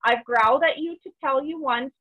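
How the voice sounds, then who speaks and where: A woman's voice: high voice, normal speed, sharp tone. A woman voicing a stern mother dog scolding her pup. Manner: firm, scolding. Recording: tinny phone-like audio.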